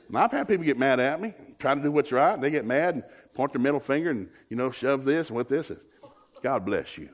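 A man preaching a lively, joking sermon as a guest speaker, with a husky voice. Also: medium pitch, brisk.

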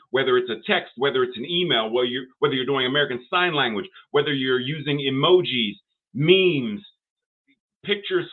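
Older male minister preaching, tinny sound. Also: medium pitch. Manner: preacherly, rising emphatic phrases and pauses. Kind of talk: sermon.

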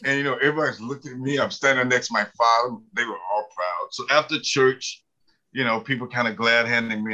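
A man's voice: mid-range voice, fairly even intonation, fast, bright, forceful tone, low-quality recording. A man in his seventies from the mountains of the American South, telling folksy, humorous stories as an interview guest. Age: 70s. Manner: folksy, humorous, many fillers. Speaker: author and guest. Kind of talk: storytelling interview.

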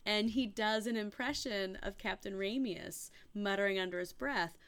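A woman co-hosting a podcast in casual chat, giggly and animated, often acting out quoted lines. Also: medium pitch, moderate pace, few pauses. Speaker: podcast co-host.

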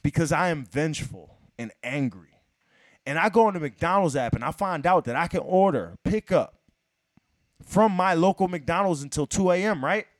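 A man telling a long story in casual chat, profane and animated, acting out what people said to him. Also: on the high side, normal speed, dry recording, clean studio sound.

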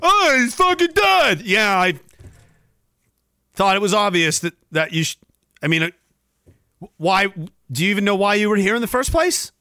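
A man's voice: high-pitched, brisk, pauses often, pushed and bright, dry recording, clean studio sound. A young man hosting a livestream, ranting casually and sarcastically with lots of swearing while reading viewer chat. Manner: profane, sarcastic, acts out mocking voices.

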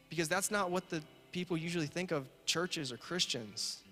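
Earnest pastor preaching in a reverberant hall. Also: male voice, a little high, normal speed, few pauses. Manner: earnest, repetitive, building to emphatic. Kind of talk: sermon. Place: church sanctuary. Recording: reverberant hall with soft guitar.

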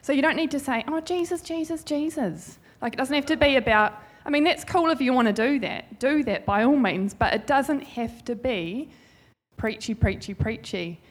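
A woman's voice: a little high, moderate pace. A woman giving an informal, heartfelt church talk in a chatty, rambling way. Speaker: church speaker. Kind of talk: informal sermon testimony.

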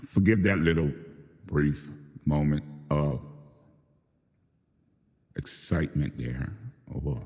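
A man's voice: extremely low pitch, slow, pauses often, a little mellow, big-room sound. A man hosting his own show, delivering a profane, confrontational unscripted monologue. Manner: profane, venting, confrontational, addressing people by name.

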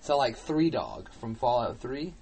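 A man co-hosting a casual podcast, loud and jokey, slipping into silly voices. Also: big pitch swings, a little slow, gravelly, a crowd in the background, low-quality recording. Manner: loud, jokey, breaks into shrill put-on voices. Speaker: podcast co-host. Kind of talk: casual chat.

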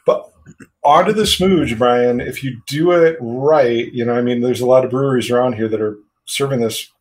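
A man's voice: mid-range voice, moderate pace, low-quality recording. Rambling casual man talking brewing. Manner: rambling, swears casually, lots of fillers. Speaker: podcast co-host. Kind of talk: casual chat about home brewing.

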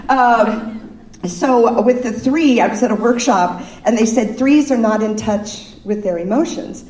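A woman leads a casual spiritual talk, joking with her listeners and guiding them through breaths. Her voice is mellow and soft-edged. It sounds distant from the mic and rings through a roomy hall. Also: fairly high pitch, a little slow. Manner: playful, chatty, laughs with the audience. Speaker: speaker at a spiritual service. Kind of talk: informal sermon with breathing exercises. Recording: echoey room, distant mic.

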